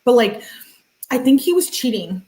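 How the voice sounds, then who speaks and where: A woman's voice: on the high side, sing-song, moderate pace, dark tone. A woman hosting a true-crime video, giving casual and blunt commentary. She swears freely and drops Spanish words into her speech. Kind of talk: casual commentary reading out text messages.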